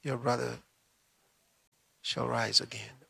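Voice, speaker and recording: A man acting out a calm, solemn Jesus in a sermon, speaking quietly and gravely. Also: medium pitch, normal speed, no echo. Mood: solemn hush. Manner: hushed and gentle, then commanding.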